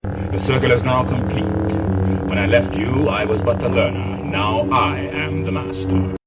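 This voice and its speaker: A deep, slow armored dark lord. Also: male voice, poor audio. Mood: menacing. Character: menacing armored dark lord, grave older man. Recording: film clip with loud music.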